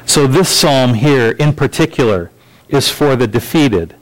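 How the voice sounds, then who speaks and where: A man preaching a sermon as pastor, measured and emphatic, building lines through repetition. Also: medium pitch, lively intonation, low-quality recording.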